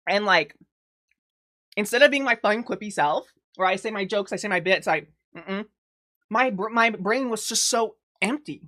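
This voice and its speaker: A young woman with a medium-pitched voice eats and chats on a live stream, swearing heavily. Sitting near her desk microphone, she keeps dissolving into laughs and loud outbursts.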